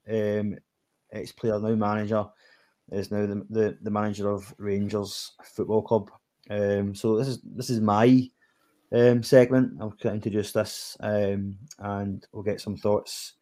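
A man's voice: lowish voice, mellow. A Scottish man hosting a podcast, leading the segments in a casual, easygoing football chat. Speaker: podcast host.

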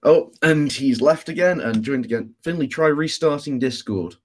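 A man's voice: on the high side, moderate pace. Dry, teasing young man. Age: young adult. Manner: dry, teasing, laughs often. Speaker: podcast co-host. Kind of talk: casual chat among friends. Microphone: online voice call.

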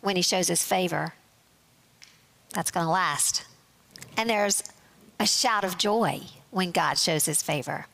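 A woman teaching a Bible study, explaining scripture in a measured way and reading verses aloud. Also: fairly low pitch, vocal fry, a bit bright.

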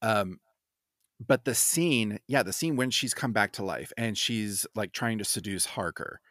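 A man co-hosting a podcast in casual chat, lively and acting out quotes in silly voices. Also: on the low side, a little slow, no echo, clean studio sound. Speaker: podcast co-host.

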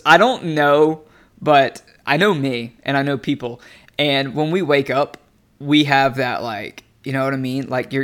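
A man giving a casual devotional teaching, talking in an animated, conversational way and laughing often. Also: mid-range voice, clean tone. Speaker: preacher.

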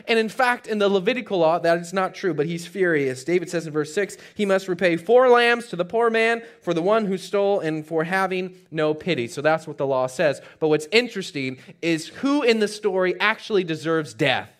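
A man preaches in a church with a notably high voice. He tells the story in an animated way, rising to loud emphasis and then dropping to a hush. He adds light, joking asides for the congregation. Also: moderate pace. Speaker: pastor. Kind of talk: sermon.

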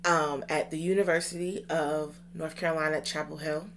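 A woman's voice: low-pitched, little pitch movement, moderate pace, fairly bright tone, slight background noise. A young woman co-hosting a podcast, chatting casually and rambling with restarts and fillers. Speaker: podcast co-host.

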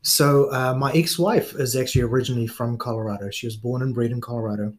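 Middle-aged New Zealand man, relaxed guest storyteller, mid-range voice. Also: medium pitch, fast. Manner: relaxed storyteller, frequent fillers and laughs. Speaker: guest police officer. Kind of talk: casual interview chat.

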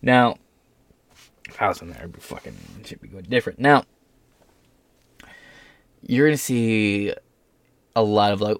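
A man's voice: fairly low pitch, lively intonation, measured pace, long pauses, dry recording, studio quality. A young man talking through a casual commentary vlog, sarcastic and mocking, swearing freely. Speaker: political commentator.

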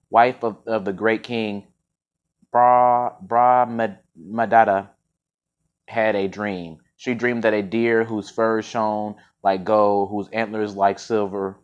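On a podcast, a man with a fairly low voice reads a fable, and the audio sounds dull. His reading is full of stumbles and self-corrections, mixed with casual slangy remarks.

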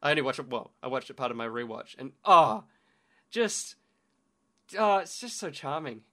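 A young man co-hosting a podcast in casual chat, enthusiastic, swearing freely and quick to laugh. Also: mid-range voice, very animated, sharp tone. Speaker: podcast co-host.

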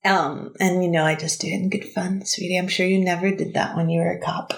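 A woman co-hosting a casual podcast, telling stories in a chatty, animated way and laughing often. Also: lowish voice, fairly quick, gravelly, echoey room. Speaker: podcast co-host, author. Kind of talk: casual chat.

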